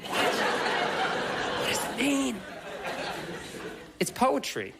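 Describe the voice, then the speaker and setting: A man's voice: high-pitched, animated, moderate pace, over a noisy crowd. A young man from Melbourne with an Australian accent, doing a punchy, cheeky stand-up set on a comedy club stage into a handheld mic. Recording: loud live audience and noise.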